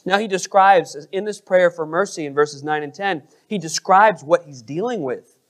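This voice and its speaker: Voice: medium pitch, normal speed. A pastor preaching a sermon, asking the congregation questions and stressing words expressively.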